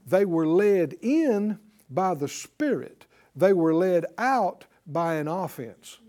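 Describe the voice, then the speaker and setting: A man's voice: high-pitched, sing-song, slow, dark tone. A middle-aged man preaching a sermon to a congregation, drawing out emphatic phrases and calling for responses. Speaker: pastor.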